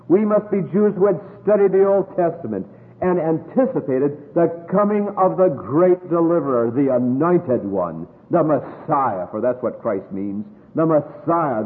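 An American man preaching a sermon, emphatic and drawing out scripture quotes slowly. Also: a little high. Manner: emphatic, drawn-out quoting of scripture. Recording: echoey hall over a tinny phone-like line.

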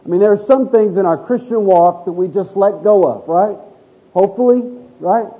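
A man's voice: high-pitched, normal speed, slightly rough. A middle-aged man preaching a sermon in a conversational, storytelling way, asking the congregation questions. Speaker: pastor. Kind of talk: sermon with audience interaction. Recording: thin phone-like audio.

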